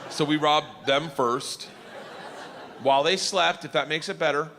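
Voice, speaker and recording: A male comedian telling a story on stage, loud and animated, laughing through it. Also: on the high side, normal speed. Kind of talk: stand-up storytelling. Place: theater stage. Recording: live hall with faint crowd noise. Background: faint audience.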